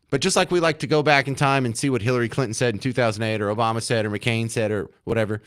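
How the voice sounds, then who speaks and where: Casting: male radio host, mid-pitched, sarcastic and mocking studio monologue. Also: a bit bright.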